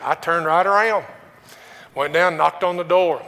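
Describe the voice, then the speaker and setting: A man's voice: a little high, unhurried, pauses often, sharp tone. A man pastor giving a conversational sermon, telling a personal story with restarts and rhetorical questions. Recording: long hall reverb.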